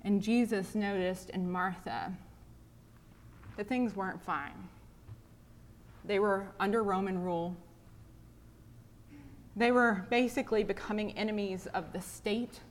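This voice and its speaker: A woman preacher giving a sermon, telling a story in a conversational, animated way. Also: mid-range voice, slight background noise.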